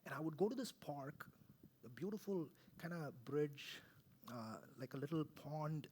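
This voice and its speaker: A man, preaching conversationally, swinging from loud to hushed and often asking "right?". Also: a little high, expressive, unhurried, a little hiss or hum. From India. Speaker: pastor. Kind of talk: sermon. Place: church.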